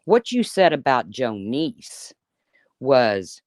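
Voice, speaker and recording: A woman's voice: rumbling low, lively intonation, a little slow, no echo, studio quality. A woman in her fifties giving an angry, profane, sarcastic rant on a live stream. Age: 50s. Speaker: YouTuber.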